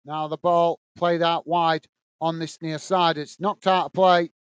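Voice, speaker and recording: High-voiced man doing fan commentary. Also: flat delivery, a little slow, clean tone, no room sound. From England. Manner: casual, reads viewer messages between play-by-play. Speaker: watch-along host. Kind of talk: live fan commentary and chat reading.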